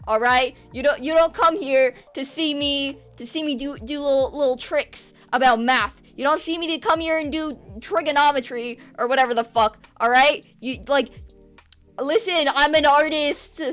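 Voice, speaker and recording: A woman's voice: sits high, moderate pace, a bit bright, soft background music. Giggly teen girl streaming her drawing. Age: teens. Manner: giggly, sarcastic, talks back to chat. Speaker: art streamer. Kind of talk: casual livestream chat while drawing.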